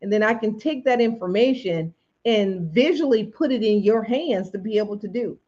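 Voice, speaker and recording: A woman's voice: medium pitch, expressive, moderate pace, dark tone, dull audio. A woman hosting a livestream, chatting casually and encouraging viewers, often repeating phrases. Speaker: livestream host and coach. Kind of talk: casual motivational livestream chat.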